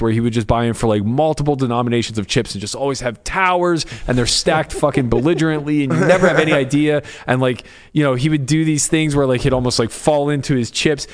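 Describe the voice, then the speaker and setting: A young man on a podcast, casually telling a poker story, swearing freely and acting out both sides of the hand. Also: mid-range voice. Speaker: podcast co-host.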